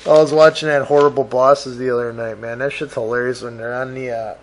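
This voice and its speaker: A man's voice: mid-range voice, little pitch movement, brisk, slight background noise. A man hosting his own podcast alone. He rambles loosely and swears a lot, jokes at his own expense, and says he is in a grumpy mood. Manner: loose, profane, self-mocking, jumps between topics. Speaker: podcast host. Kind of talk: rambling solo podcast monologue.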